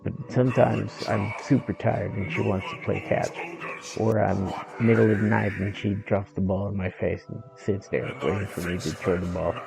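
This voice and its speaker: A man's voice: on the low side, fairly even intonation, normal speed, gravelly, over music, rough recording. A male streamer chatting casually while gaming, rambling, swearing and joking.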